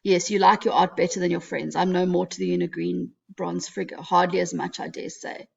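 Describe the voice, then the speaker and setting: A woman reading out the lines of a petulant, vain young man with mild emphasis, in her own gravelly voice. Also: on the low side, level tone, fairly quick, heavily acted. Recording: dull lo-fi recording.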